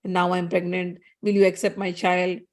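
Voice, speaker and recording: Woman voicing a scheming young woman, pleading, low voice. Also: monotone, normal speed, lightly acted. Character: scheming young woman making a false claim.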